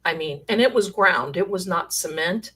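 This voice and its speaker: A middle-aged woman telling rambling, animated stories in a casual way. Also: lowish voice, normal speed, breathy edge. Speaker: storyteller sharing paranormal stories. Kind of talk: casual storytelling.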